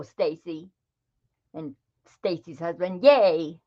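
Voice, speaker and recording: A woman's voice: on the low side, animated, slow pace, pauses often, muffled recording. A middle-aged woman hosting a craft livestream, chatting casually and greeting viewers by name. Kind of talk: casual live-stream chat.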